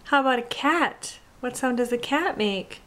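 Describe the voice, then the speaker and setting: A woman talking baby talk to a toddler, coaxing in a slow sing-song voice and imitating animal sounds. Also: a little high, animated, a bit bright, slight background noise.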